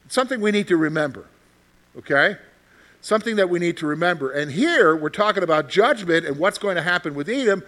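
A man teaching a Bible study class in an interactive discussion, with a high voice. His tone is bright and forward. He asks the group questions, repeats his points, and keeps checking in with "okay?". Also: lively intonation, a little fast.

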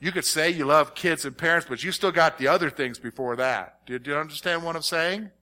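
A middle-aged man preaching a sermon, reading scripture and questioning his congregation in an animated, conversational way. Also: fairly high pitch, brisk. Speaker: pastor.

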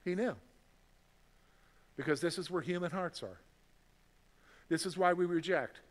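A man preaching a sermon in a fairly high voice. He talks to the congregation in a conversational, emphatic way, and his voice rises and swells on key points. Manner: reads scripture aloud in a measured voice. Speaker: pastor.

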